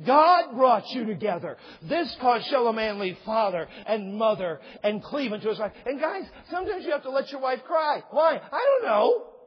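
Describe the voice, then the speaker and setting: A man with a high, husky voice preaches a sermon to his congregation, jumping from soft asides to shouted emphasis. He quotes scripture and acts out little stories. The recording is muffled and lo-fi. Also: long reverb tail. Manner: animated preaching, rising to shouts, quoting scripture and acting out stories. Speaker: pastor.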